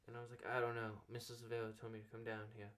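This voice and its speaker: A young man hosting a relaxed chat show, winding through a story and slipping into the voices of the people in it. He leans on fillers and restarts as he talks. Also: medium pitch, rapid-fire. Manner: rambling anecdote full of "like" fillers, acting out quoted dialogue. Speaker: podcast host.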